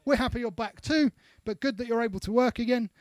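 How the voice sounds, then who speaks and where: A man's voice: very high voice, quick pace, no room sound. A man co-hosting a live stream, chattily reading out viewer comments with small asides. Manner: chatty, reads out names with asides. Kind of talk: casual live-stream chat.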